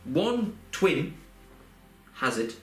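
Soft background music plays as a young man with a slightly high, very animated voice speaks extremely slowly. He rambles warmly through a personal story, often restarting and using fillers, in a casual podcast chat recorded with roomy echo and faint background noise.

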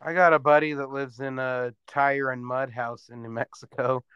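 A man's voice: medium pitch, fairly even intonation, moderate pace, fairly bright tone, clear, resonant tone, dry recording, muffled recording. A man co-hosting a podcast in casual chat, jokey and teasing. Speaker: podcast co-host.

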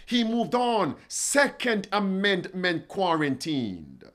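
A man preaching a livestreamed sermon, reading quotes aloud and pleading with listeners in a slow, dramatic way. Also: high voice, animated, bright, forceful tone. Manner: reads quotes aloud and addresses chat viewers.

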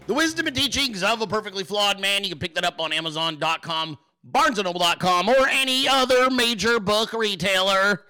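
A man's voice: high-pitched, expressive, fairly quick, hardly any pauses, pushed and bright, smooth, soft background music. A man hosting his own podcast, talking in a brash, mocking way and swearing freely. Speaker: podcast host. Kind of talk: casual political commentary.

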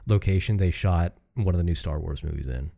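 Canadian guy cohosting a podcast, very low voice, lots of swearing and restarts. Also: brisk, gravelly, dark tone. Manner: rambling, swears casually, many restarts. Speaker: podcast co-host. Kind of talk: casual chat.

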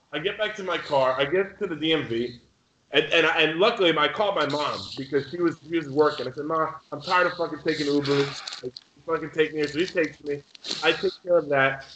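Podcast co-host, young male, bright animated storyteller, echoey room with muffled sound. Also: fairly high pitch, slight background noise. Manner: swearing, animated storyteller acting out other people. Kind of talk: casual storytelling chat.

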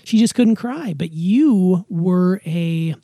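Young woman, podcast host, low husky voice, dark mellow tone, dry close sound, teasing casual chat. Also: animated, slow pace, dry recording. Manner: teasing, chatty, warm-hearted banter with her younger sister.

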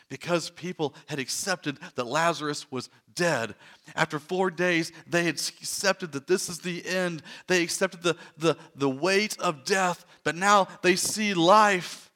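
Guy preaching, high bright voice, earnest, goes quiet then builds up loud and repeats himself. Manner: earnest, swings from soft hushed lines to loud emphatic repetition. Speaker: pastor. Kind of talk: sermon.

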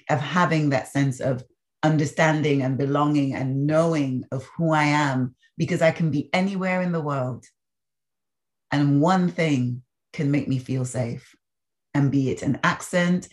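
Low-voiced, animated Caribbean woman. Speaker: podcast guest. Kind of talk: storytelling in a conversational interview.

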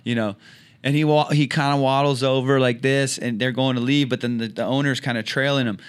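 A man's voice: medium pitch, steady tone, a little fast, clear, resonant tone. A man from Orange County, California, a comedian telling a loose, profane story in casual podcast chat. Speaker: comedian guest.

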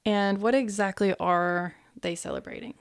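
A woman's voice: medium pitch, moderate pace, clear, resonant tone, no room sound, clean studio sound. A woman hosting a podcast interview, curious and agreeable, asking follow-up questions. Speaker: podcast host. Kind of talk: interview conversation.

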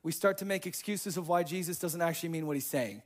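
A pastor delivers a sermon in a slightly high, fast voice, speaking casually and dropping in slang. He moves back and forth between hushed, intimate moments and fired-up emphasis.

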